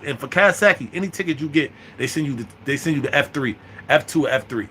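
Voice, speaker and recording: A man in his thirties telling a prison story in an animated, profane, slang-heavy way, with lots of restarts. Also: a little high, quick pace, slight background noise. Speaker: vlogger. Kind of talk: storytime monologue.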